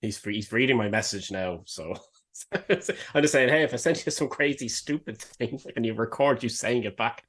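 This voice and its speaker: A man's voice: medium pitch, normal speed, fairly bright tone, husky. A man co-hosting a podcast in casual banter, laughing often and swearing freely. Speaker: podcast co-host.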